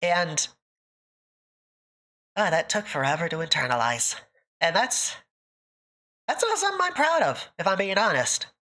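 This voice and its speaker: A woman's voice: fairly low pitch, big pitch swings, unhurried, long pauses, fairly bright tone. A woman streamer chatting with her live audience, emotional and close to tears, laughing often between thank-yous. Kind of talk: casual live-stream chat.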